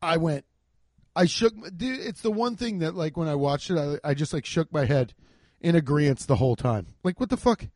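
A man doing a casual comedic rant, profane and excitable, acting out the voices of people he quotes, on a handheld mic. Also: a little high, normal speed, no room sound. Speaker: stand-up comedian. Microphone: handheld microphone.

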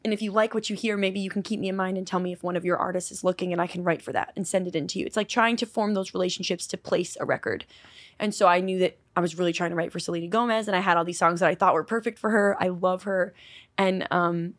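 A woman songwriter chats fast on a podcast, spinning stories with lively energy. She slips into the voices of the people she quotes. The sound is dry and close, with no room around her. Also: lowish voice, no echo. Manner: animated storyteller acting out quotes. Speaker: songwriter guest. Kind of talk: casual podcast interview.

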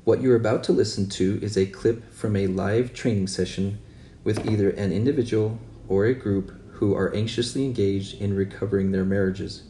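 A man's voice: on the low side, fairly even intonation, mellow. Earnest man in a roomy, distant recording. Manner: measured, earnest, spells things out slowly. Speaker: marriage therapist. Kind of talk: podcast intro announcement. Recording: roomy distant mic with faint background noise.

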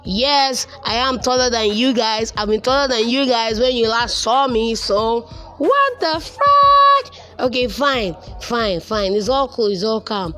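A young man with a Nigerian accent telling a casual personal story, animated and repeating words for emphasis. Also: extremely high pitch, normal speed, hardly any pauses, faint music behind.

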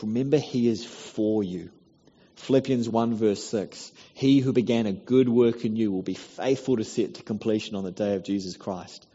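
A man preaching a sermon in a church, earnest and pleading, building to loud encouragement. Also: fairly low pitch, normal speed, husky. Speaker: pastor. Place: church hall. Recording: dull recording in a reverberant hall.

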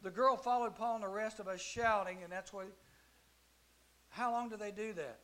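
A man teaching a youth Bible class, telling the story with lively acted-out voices. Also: high voice, moderate pace.

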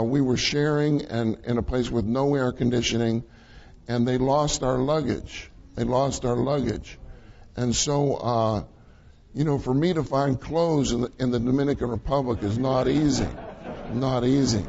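A man's voice: medium pitch, vocal fry, a little mellow, muffled recording. A man preaching a sermon in a conversational way, often repeating his key phrases for emphasis.

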